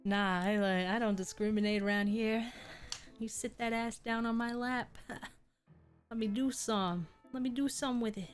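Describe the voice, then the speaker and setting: A woman's voice: a little high, steady tone, unhurried, soft background music. A young adult woman streamer telling crude jokes and stories in casual chat. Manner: crude, joking storytelling, laughs often.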